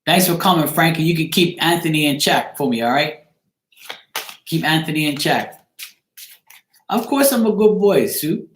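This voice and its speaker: A man's voice: fairly high pitch, roomy sound, a little hiss or hum. A man with a Bermudian accent, a tarot reader chatting casually on a live stream, greeting viewers by name and swearing freely.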